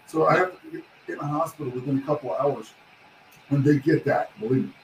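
A man's voice: mid-range voice, fast talker, reverberant, a little hiss or hum, rough recording. A man, a guest on a chat show, telling stories casually and acting out what others said. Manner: animated storyteller, acts out quotes, swears casually. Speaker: guest, pro wrestler.

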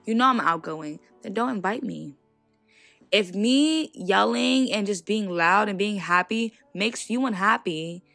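A young woman hosting her own podcast, talking to listeners in an animated, outspoken way and laughing between her points. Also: mid-range voice, a little slow, creaky, dry recording, soft background music. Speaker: podcast host. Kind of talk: casual solo podcast monologue.

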